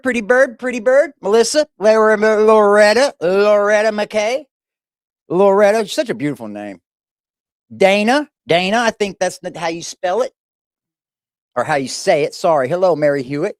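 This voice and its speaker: A man's voice: high voice, expressive, moderate pace, no echo, clean studio sound. A man hosting a live stream in a casual, playful way, greeting chat viewers one by one.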